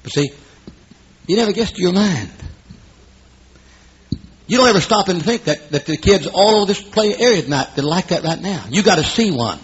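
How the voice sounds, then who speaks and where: A man in his fifties preaches with a deeply husky, raspy voice. He swings from hushed, near-whispered asides to loud, rising exclamations. The recording sounds dull and lo-fi. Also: expressive, moderate pace, long pauses. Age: 50s. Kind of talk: sermon. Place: room at an evening gathering.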